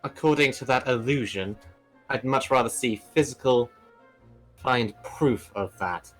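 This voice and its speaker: A man's voice: medium pitch, a little slow, a bit bright, faint music behind. A man playing at a tabletop game table, speaking bluntly and impatiently. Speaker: player.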